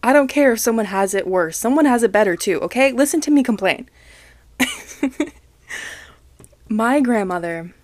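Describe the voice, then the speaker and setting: A woman's voice: medium pitch, a little slow, long pauses, dry recording. A young woman hosting a casual solo podcast from home, talking frankly and self-deprecatingly, swearing and laughing as she vents. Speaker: podcast host. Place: home, other people coming and going.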